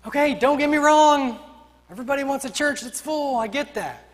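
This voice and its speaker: A man's voice: extremely high pitch, normal speed, in a large hall. A man preaching a sermon as pastor, emphatic and rhythmic, building his points through repeated refrains.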